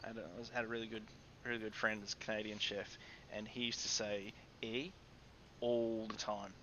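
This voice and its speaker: A man's voice: on the low side, level tone, a little fast, fairly bright tone, lo-fi sound, slight background noise. A man with an Australian accent, co-hosting a casual livestream and rambling with frequent restarts. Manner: rambling, restarts often, chuckles between thoughts. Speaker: co-host. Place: studio.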